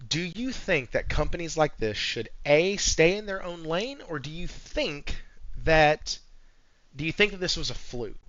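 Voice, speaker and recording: A man hosting a podcast in casual chat, animated and joking, swearing freely. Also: medium pitch, no room sound. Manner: animated, swears, jokes and sings bits. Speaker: podcast host. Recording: dull lo-fi sound.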